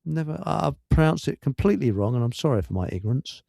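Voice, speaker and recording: A man's voice: mid-range voice, lively intonation, fast, creaky, mellow, dry recording, studio quality. A man hosting a casual chat show, telling stories in a chatty way and now and then slipping into silly put-on voices. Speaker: show host.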